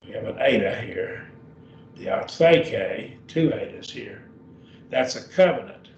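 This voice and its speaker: A man teaching Greek, drawing out each word slowly and saying it over and over. His voice has a gravelly edge. He sounds distant in a roomy church classroom, on a dull, lo-fi recording with faint hiss. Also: mid-range voice. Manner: slow, repeats each word several times; self-correcting, apologetic asides. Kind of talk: classroom lesson.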